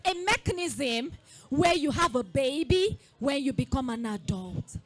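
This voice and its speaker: A woman giving a lively call-and-response talk to a group of girls, coaxing them to repeat after her. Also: sits high, a little slow. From Nigeria. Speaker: school founder speaking to girls. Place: festival event space.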